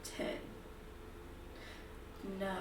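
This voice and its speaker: A woman's voice: extremely slow, echoey room, recorded from a distance, slight background noise. A woman narrating as game master of a tabletop game, giggly and casual.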